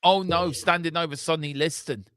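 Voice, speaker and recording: A man hosting a football watchalong, chatting casually in a rambling, animated way and swearing now and then. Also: fairly high pitch, moderate pace, clear, resonant tone, no room sound. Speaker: watchalong host.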